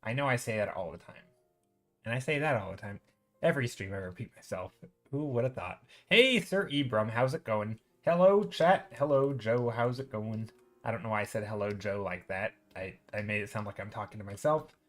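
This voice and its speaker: A man's voice: on the low side, a little fast, soft background music. A man live-streaming while painting digitally, chatting casually and thinking aloud as he greets viewers in chat.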